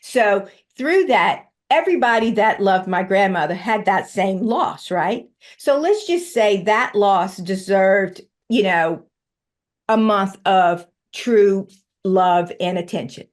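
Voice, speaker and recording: A woman's voice: mid-range voice, lively intonation, takes it slowly. Earnest woman explaining, checking in often. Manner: earnest and explanatory, frequent "right?" and "you know" check-ins. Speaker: guest, recovery teacher. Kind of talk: casual conversational interview.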